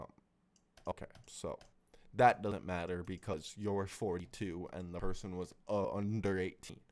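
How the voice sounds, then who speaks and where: A man reacts live on stream to a clip, tearing into it angrily with nonstop swearing and talking right over it. His voice is fairly low, steady and a little mellow, at a normal speed.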